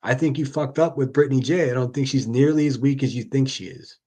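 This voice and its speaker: A man's voice: medium pitch, brisk, mellow, breathy edge. A man hosting a live stream, who reacts to clips with profane, exasperated rants. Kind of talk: casual ranting commentary.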